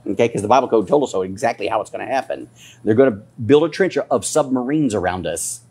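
A man preaching a fiery, scolding sermon as a pastor, his voice climbing higher as his intensity builds. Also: expressive, fast, darkish tone, husky.

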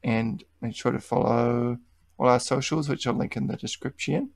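A man's voice: medium pitch, steady tone, normal speed, creaky. A young man hosting a casual podcast chat, laid-back, swearing casually and trailing off mid-sentence. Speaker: podcast host.

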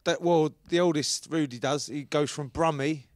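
A man's voice: fairly high pitch, steady tone, normal speed, no echo. A man in his thirties with a Cockney accent from East London, a podcast guest in laid-back, joking chat. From East London, England. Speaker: podcast guest, rugby league player. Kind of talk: casual chat.

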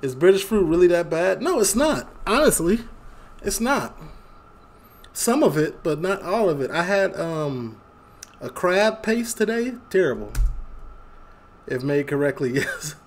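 A man's voice: a little high, expressive, a little slow. Chatty young man reacting to memes. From Chicago, USA. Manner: chatty, laughs often, reads memes aloud. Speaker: reaction video host. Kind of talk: casual reaction commentary.

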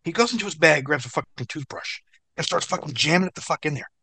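A man who is a guest in an interview, telling a story in an animated, profane way. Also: fairly high pitch, fast talker, vocal fry, husky.

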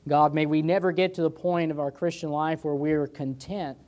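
An American man preaching as pastor, his voice sitting a little higher than most men's. He pleads with passion, climbing loud and high on warnings, then dropping to low, hushed lines. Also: fairly even intonation, moderate pace. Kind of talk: sermon. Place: church sanctuary.

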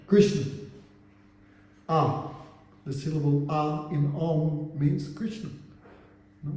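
Man teaching in a booming echoey hall. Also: unhurried, pauses often, mellow. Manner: recites Sanskrit verses and translates them, asks rhetorical questions. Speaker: spiritual teacher. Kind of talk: religious class lecture. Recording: very echoey hall with long reverb.

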